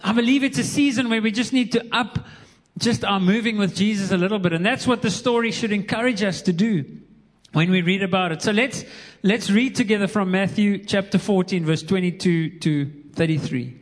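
A man's voice: sits high, normal speed. A man preaching a sermon as pastor, earnest and repeating words as he builds his points. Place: church hall. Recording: long hall reverb.

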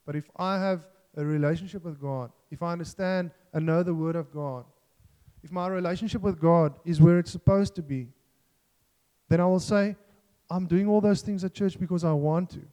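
A man's voice: high voice, moderate pace, dark tone, clean tone, long reverb tail. A man preaching a sermon in an earnest, self-deprecating way, joking and restarting as he talks.

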